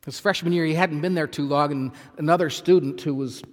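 A man preaching a sermon as pastor, emphatic, repeating phrases and swinging from loud to soft. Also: fairly high pitch, fairly quick, big-room sound. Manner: emphatic, repeats phrases, swells and drops in volume.

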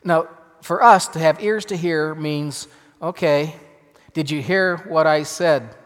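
A man, a pastor, preaching a sermon with emphatic swings between loud and hushed delivery. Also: on the high side, slow. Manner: emphatic, dramatic shifts in loudness. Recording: long reverb of a large hall.

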